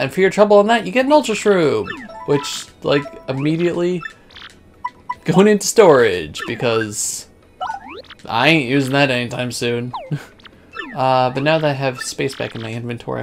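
A man casually commenting on his gameplay, thinking out loud with frequent ums. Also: medium pitch. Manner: laid-back, thinking out loud with many ums. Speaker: let's play host. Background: game music.

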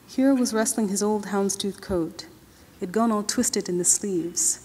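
A woman's voice: medium pitch, measured pace, warm tone, slight background noise. A woman author reading her novel aloud at an awards ceremony, narrating in the first person in a loose, drawling colloquial voice into a podium microphone in a large hall. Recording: long-reverb hall.

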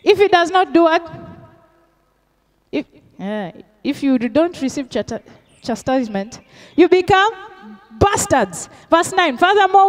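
A middle-aged woman pastor, preaching a sermon with call-and-response questions and Swahili phrases mixed in. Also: high-pitched.

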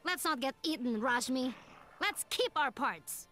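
Bright, brisk game heroine. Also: female voice, high voice, animated, full character voice. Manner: brisk, urging remarks. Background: game music.

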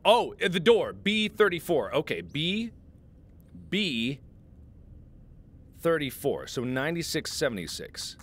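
A man in his twenties playing a game and chatting jokily with his viewers in an excitable way. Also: fairly high pitch, unhurried, pauses often, a little hiss or hum. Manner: excitable, jokey, talks to viewers. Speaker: gaming host. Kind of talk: let's play commentary.

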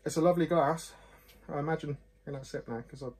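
A man's voice: a little high, quick pace, darkish tone, slight background noise. A man reviewing whisky glasses in a chatty, rambling, self-deprecating way, often apologising. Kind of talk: casual chat to camera.

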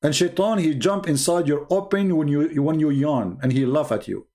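Sarcastic, high-voiced male commentator. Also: normal speed, dark tone. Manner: sarcastic, incredulous, broken English grammar. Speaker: host. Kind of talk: mocking religious commentary.

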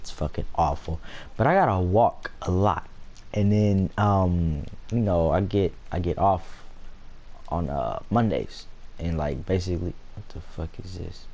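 His voice is deep and dark, paced in a measured way, as this young gameplay vlogger chats through a video game. The talk is casual and full of swearing, drifting among stories and side remarks.

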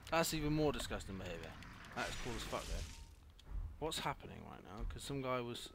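A young man doing let's play commentary, swearing a lot and often breaking into angry yells. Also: medium pitch, big pitch swings, a little fast, gravelly, crowd noise. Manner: swearing, frequent angry yelling outbursts. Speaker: gaming youtuber.

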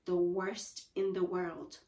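Woman doing a nasty old husband, loud and gloating, teasing slow. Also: lowish voice, little pitch movement, reverberant, recorded from a distance, voice pushed down. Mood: cruel teasing. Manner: loud, teasing, mock-solemn.

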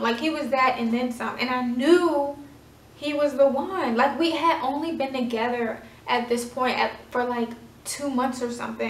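A woman in her twenties, chatting dramatically through a casual storytime with lots of fillers. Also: high voice. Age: 20s. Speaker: vlogger. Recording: echoey room, voice from far off.

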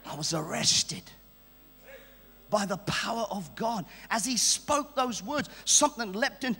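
A man preaching a sermon at a church service, exuberant and shouting and joking with the congregation. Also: high voice, big pitch swings, measured pace, slightly rough, big-room sound.

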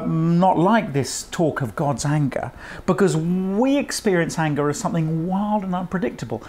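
Earnest male preacher delivering a sermon. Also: on the high side. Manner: earnest, emphatic, rhetorical questions.

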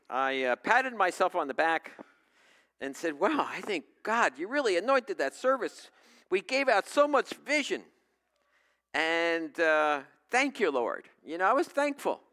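A man's voice: sits high, bright, forceful tone. A male pastor preaching a sermon, telling a personal story in a conversational way and putting questions to the congregation.

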